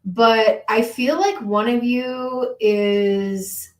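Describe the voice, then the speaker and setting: A woman's voice: a little high, steady tone, very slow. Chatty tarot-reading woman, roomy sound. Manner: casual, reassuring, hesitant with many fillers. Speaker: tarot reader. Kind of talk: live-stream tarot reading.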